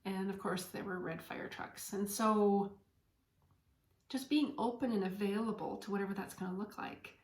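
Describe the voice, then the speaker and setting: A woman hosting a podcast as a spiritual medium, speaking in an earnest, heartfelt and gently encouraging way. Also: mid-range voice, fairly even intonation, normal speed. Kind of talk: inspirational spiritual talk. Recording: echoey room.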